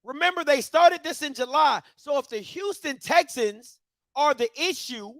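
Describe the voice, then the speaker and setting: A man's voice: extremely high pitch, lively intonation, moderate pace, fairly bright tone, no room sound, studio quality. A man hosting a heated commentary rant, firing repeated rhetorical questions at viewers in a preacher-like call-and-response cadence. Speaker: commentary show host.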